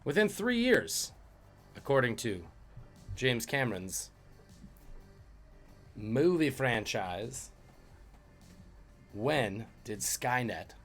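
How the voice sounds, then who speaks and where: A man's voice: medium pitch, sing-song, extremely slow, pauses often, a bit bright, soft background music. A man hosting a live-streamed trivia quiz, reading questions and joking about viewers' guesses. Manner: jokey, reads out questions and chat guesses. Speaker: trivia host.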